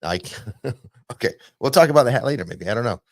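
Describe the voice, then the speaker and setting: A man's voice: medium pitch, animated, quick pace, vocal fry, no room sound, clean studio sound. A man hosting a casual theme park news podcast, chatty and loose, with plenty of fillers. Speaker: podcast host.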